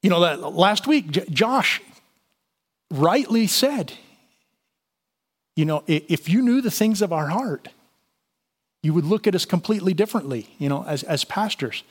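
A man's voice: sits high, expressive, measured pace, pauses often, slightly rough. Man teaching a casual sermon. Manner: conversational Bible teaching with fillers and restarts. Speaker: pastor.

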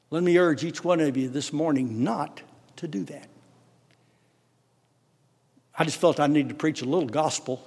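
A man with a Texan accent preaching a sermon as pastor, swelling emphatically on key words and dropping into quick asides. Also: on the high side, a little mellow. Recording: long hall reverb.

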